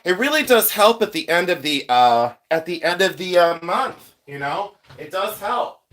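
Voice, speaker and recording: A middle-aged man, a jewelry collector, hosts a casual livestream, chatting and rambling while sounding congested from his sinuses, and he thanks viewers often. His voice is high-pitched, expressive, and fairly bright, at normal speed.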